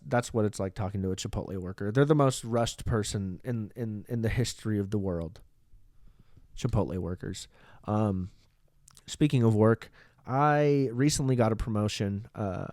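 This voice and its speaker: A man's voice: on the low side, a little mellow, no room sound, studio quality. A man hosting a podcast, talking through a casual comedic monologue in a rambling, profane way, with frequent restarts, into a microphone. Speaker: podcast host. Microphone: studio microphone.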